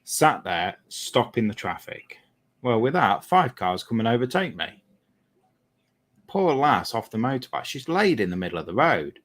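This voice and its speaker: A man's voice: medium pitch, sing-song, moderate pace, a bit bright. A man, a lorry driver, chatting casually while painting a model and telling a rambling story, often correcting himself.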